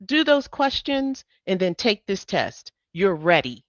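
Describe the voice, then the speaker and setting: A woman's voice: medium pitch, sing-song, measured pace, dry recording, lo-fi sound. A woman teaching a live online coding class, upbeat and encouraging, with emphatic bursts. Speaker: medical coding instructor.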